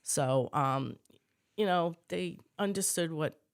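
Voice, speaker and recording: A low-pitched, slow-speaking woman, the widow of a fire chief, is being interviewed about her life. She reflects on memories and acts out the dialogue she recalls, using many fillers as she tells her personal stories.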